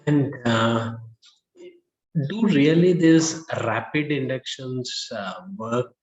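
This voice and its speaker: A man hosting a conversational interview, halting and mostly giving short reactions. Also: mid-range voice, highs cut off. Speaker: interview host.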